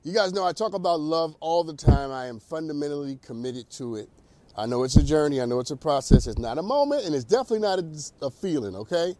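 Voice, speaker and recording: A man hosting a talk show, delivering an animated, preacherly monologue. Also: a little high, fast, dry recording. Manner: animated, preacherly, laughs at own jokes. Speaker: host.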